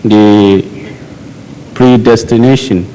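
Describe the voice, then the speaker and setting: Man, audience questioner, slow and hesitant, deferential, echoing hall. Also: fairly low pitch, fairly even intonation, warm tone. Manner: hesitant, deferential, searching for words. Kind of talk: question-and-answer session. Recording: archival 1986 hall recording with long reverb and faint noise.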